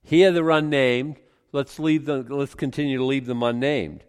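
A man preaching a sermon, reading scripture aloud and commenting in an animated way, chuckling often and restarting his sentences. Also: medium pitch, moderate pace, clean tone. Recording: long reverb from a large hall.

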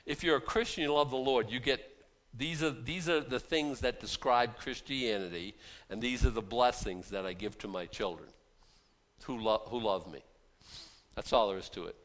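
A middle-aged man gives a casual, folksy sermon to a small group. He talks conversationally, slipping into quiet asides before building to loud, emphatic bursts. He often repeats words and restarts his sentences. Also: mid-range voice, normal speed. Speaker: preacher.

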